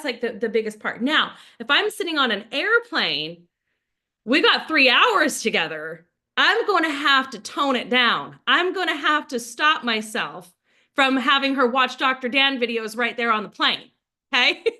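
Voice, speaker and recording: A middle-aged woman leading an online sales training, lively and casual, acting out both sides of sample conversations. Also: high-pitched.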